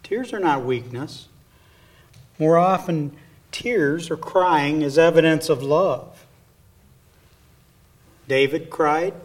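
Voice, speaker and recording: A man preaching a sermon in a slow, earnest way, dropping to hushed asides. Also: a little high, distant mic. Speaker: pastor.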